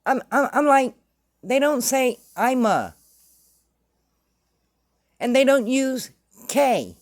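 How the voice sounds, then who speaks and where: A woman's voice: high-pitched, a little slow, no echo. A woman hosting casual true-crime commentary, blunt and sarcastic. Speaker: commentary host.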